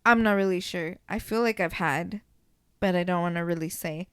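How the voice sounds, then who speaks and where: A young woman co-hosting a casual podcast, telling stories in a chatty, animated way with plenty of swearing. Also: on the low side, moderate pace, smooth. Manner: chatty, profane, animated storytelling. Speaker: podcast co-host.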